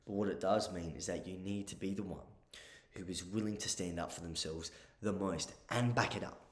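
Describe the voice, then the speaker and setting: A man's voice: low-pitched, normal speed. A man giving casual advice in a blunt, profane way, often checking in with the listener. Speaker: advice vlogger. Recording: roomy echo.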